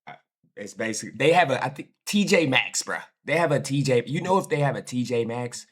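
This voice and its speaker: A man's voice: medium pitch, lively intonation, fairly quick, breathy edge. An American man hosting a reaction video, chatting casually in slang and laughing at his own people. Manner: chatty, slangy, self-mocking, often trails off softly.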